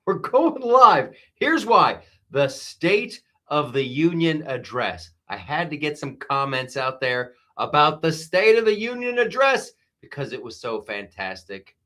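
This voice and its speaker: A man, a comedian, hosts a live stream and riffs excitably through casual commentary, with frequent fillers. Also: medium pitch, measured pace, hardly any pauses.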